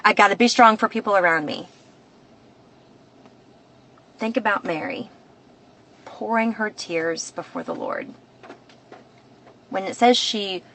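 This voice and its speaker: An American woman hosts a devotional podcast in a slightly low voice. She speaks earnestly and reflectively, often circling back and restarting her sentences as she works through a thought. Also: a bit bright, a little hiss or hum, poor audio. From United States. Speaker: podcast host.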